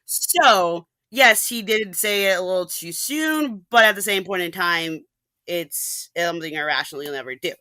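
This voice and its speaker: A woman ranting animatedly in a casual podcast chat, with quick asides and restarts. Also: lowish voice, lively intonation, bright, forceful tone, dry recording. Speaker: podcast guest.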